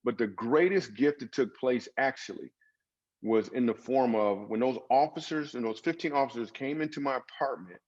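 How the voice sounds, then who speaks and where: A man's voice: mid-range voice, moderate pace, a little mellow, dull audio. A man guest on a podcast, a comedian and author, telling personal stories in an earnest, dramatic way with emphatic swings. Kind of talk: storytelling interview.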